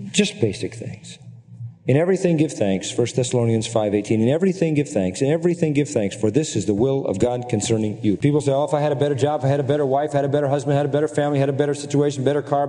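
A man's voice: medium pitch, warm tone. A man preaching a sermon as pastor, earnestly exhorting his congregation and reeling off scripture references. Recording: long reverb from a large hall.

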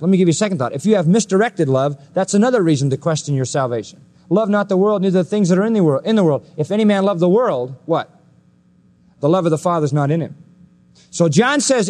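A man preaching a sermon, emphatic and full of rhetorical questions, often swinging his pitch up high and dropping it low. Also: lively intonation, fast talker, mellow.

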